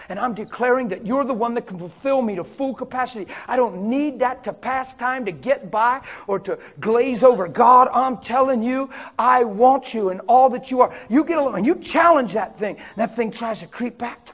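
A man preaching to a congregation, animated and conversational, sometimes dropping to a hushed voice to act out a tempting whisper. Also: very high voice, normal speed, hardly any pauses, husky. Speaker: pastor. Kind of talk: sermon.

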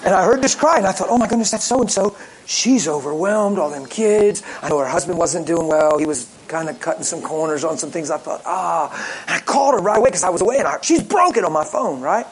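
A male pastor preaching with lively stories, joking and acting out the callers he talks about. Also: a little high, fast talker, a little hiss or hum, rough recording. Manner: lively, jokey, acts out callers in voices. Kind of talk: sermon with storytelling.

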